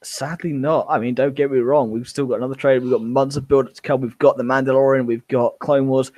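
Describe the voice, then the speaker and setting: A man's voice: medium pitch, fairly even intonation, fast talker, darkish tone, no room sound. A man co-hosting a podcast, chatting casually and gushing with enthusiasm. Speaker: podcast co-host. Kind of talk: casual fan discussion.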